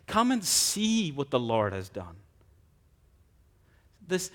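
A man delivers a sermon in an earnest, measured way, at a voice pitched in the middle for a man. He slows down to stress key phrases. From Scotland. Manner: earnest, measured preaching with slow emphatic phrases. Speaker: preacher.

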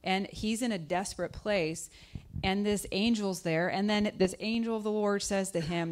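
A woman guest speaker with a darkish tone talks at normal speed through a conversational sermon. She asks her listeners questions and brings scripture voices to life by jumping in pitch.

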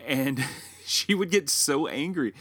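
A man's voice: lively intonation, slow pace, fairly bright tone, husky, no room sound, clean studio sound. A man in his thirties or forties co-hosting a casual podcast chat, telling stories and acting out his own past lines. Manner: storytelling, acts out his own past lines with rising pitch. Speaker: podcast co-host.

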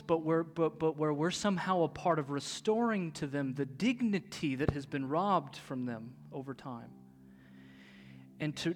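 A man preaching a sermon with passion, swinging between hushed and loud, repeating his phrases with rhetorical drive. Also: fairly high pitch, long reverb tail. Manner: repetitive, rhetorical preaching with restarts. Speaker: pastor.

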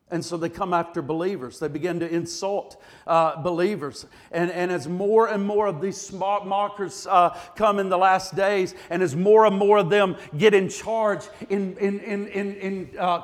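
High-voiced man preaching in an echoing hall. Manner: emphatic, repetitive preaching cadence, rising to shouts. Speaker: pastor. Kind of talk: sermon. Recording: long reverb of a large hall.

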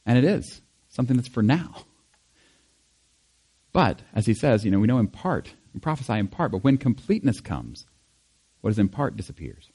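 A man preaching to a congregation in an easygoing, animated way. His voice sits in an ordinary middle pitch, and he talks the way friends chat, acting out quotes as he goes. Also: moderate pace, long pauses, slightly rough. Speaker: pastor. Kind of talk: sermon.

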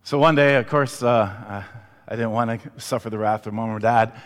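A man preaching a sermon, an animated storyteller who asks the congregation questions. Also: lowish voice, moderate pace, long reverb tail. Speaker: pastor.

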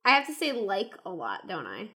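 Bright giggly woman podcast host. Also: fairly low pitch, wildly swooping pitch, fast, a little hiss or hum. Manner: giggly, self-mocking, chatty. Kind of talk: casual chat.

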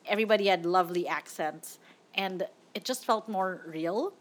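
A young woman hosts a casual movie-review podcast, chatty and opinionated, laughing often. Her voice is lowish and her speed normal.

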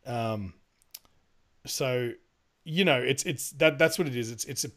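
A man's voice: medium pitch, unhurried, fairly bright tone. A man in casual podcast chat, rambling with lots of fillers, laughing and swearing as he talks. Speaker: podcast co-host.

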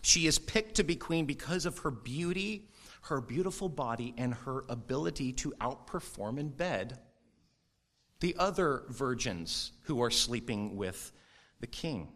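A man preaching a sermon, animated and conversational, with quick asides and brief mock voices for quoted people. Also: mid-range voice. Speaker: pastor.

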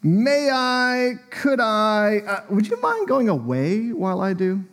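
A man's voice: high-pitched, very animated, measured pace, pitched above the performer's own voice. A man voicing a frightened, thirsty young girl in a storybook reading, hesitant and pleading. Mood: timid.

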